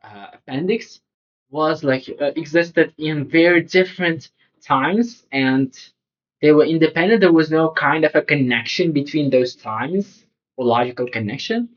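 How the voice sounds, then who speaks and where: A man's voice: on the high side, unhurried, highs cut off. A man tutoring for a test, reading questions aloud and thinking through the answers in an informal way, often saying "like" and asking "right?". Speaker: SAT tutor.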